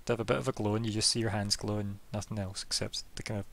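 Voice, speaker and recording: A man's voice: lowish voice, little pitch movement, racing, vocal fry, fairly bright tone. A man narrating as game master for an online tabletop game, rambling and laughing, full of fillers.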